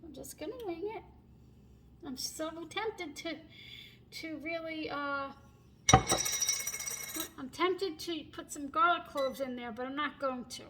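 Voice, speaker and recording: Chatty high-voiced woman cooking at home. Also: unhurried, long pauses, background noise. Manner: chatty, laughs often, apologetic asides. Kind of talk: casual cooking vlog chat. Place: home kitchen. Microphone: phone camera held and turned while cooking. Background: pet bird chirping faintly.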